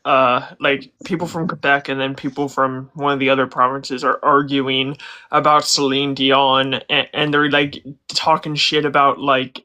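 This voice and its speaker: Man, bright forceful tone, mid pitch, casual podcast chat, swears a lot. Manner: loose and profane, swears casually. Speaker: podcast co-host.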